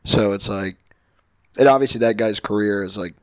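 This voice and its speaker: A young man co-hosting a podcast, joking crudely and swearing a lot. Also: moderate pace. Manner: profane, joking, breaks into falsetto singing. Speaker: podcast co-host. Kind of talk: crude casual banter. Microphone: headset mic with headphones.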